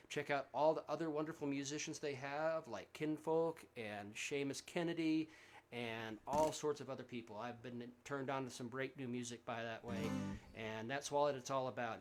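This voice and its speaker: Streaming a concert from home, a Central Texas singer-songwriter with a mid-range voice chats loosely between songs over his livestream mic. He's friendly and rambling, leaning on fillers and restarts.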